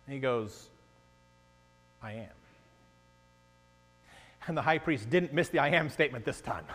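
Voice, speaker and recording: A man preaching a sermon as a pastor, animated, swinging between loud emphasis and hushed asides. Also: medium pitch, quick pace, husky. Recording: long echo of a large hall, faint mains hum.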